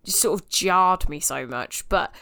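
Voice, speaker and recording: Bright-voiced woman chatting. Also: lowish voice, creaky. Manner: chatty, quick to laugh, frank opinions. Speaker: podcast co-host. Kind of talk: casual podcast discussion.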